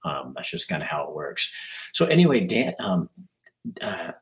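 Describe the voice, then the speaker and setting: An older man hosting a casual live stream, losing his voice, rambling in a folksy way and often clearing his throat. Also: deep voice, very animated, moderate pace. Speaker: livestream host.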